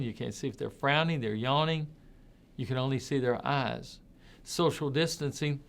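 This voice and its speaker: A man giving an informal talk, speaking conversationally and leaning hard on his key points. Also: mid-range voice. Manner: conversational, repeats words while thinking, emphatic on key points. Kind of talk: informal spoken commentary.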